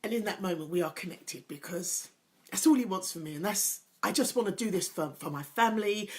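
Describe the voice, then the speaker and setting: A woman's voice: medium pitch, brisk. A middle-aged woman hosting a motivational talk, earnest and emotional, pressing her points by repeating them. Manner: earnest, emphatic, repeats key phrases; openly emotional, personal. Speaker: host, confidence coach.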